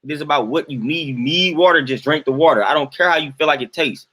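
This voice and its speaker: A young man on a live stream, ranting in an exasperated, emphatic way. His voice sits a little high for a man, and he hammers his points by repeating them. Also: fast talker, pushed and bright, husky. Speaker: host ranting to live chat.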